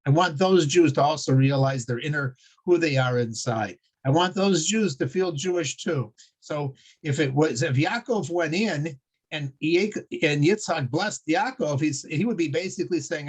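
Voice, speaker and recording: Husky man teaching with halting restarts. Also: on the high side, animated, darkish tone. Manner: halting, many restarts, chuckling storyteller. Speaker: Torah teacher. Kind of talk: religious class with storytelling.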